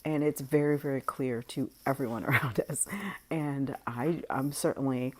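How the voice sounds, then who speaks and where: A woman vlogger in a candid, casual monologue, speaking frankly with frequent laughs and trailing pauses. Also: extremely low pitch, fairly even intonation, a little mellow.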